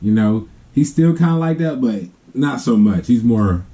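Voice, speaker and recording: A man's voice: mid-range voice, expressive, normal speed, warm tone. A man telling a family story in a casual, rambling way. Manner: rambling, with many fillers and restarts. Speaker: family vlogger.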